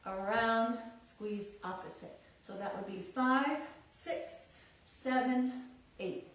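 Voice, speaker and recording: A woman's voice: fairly high pitch, takes it slowly. A woman teaching a belly dance class, counting beats in a sing-song rhythm and explaining moves in a chatty, encouraging way. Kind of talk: live online dance class instruction. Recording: very echoey room, voice far from the mic.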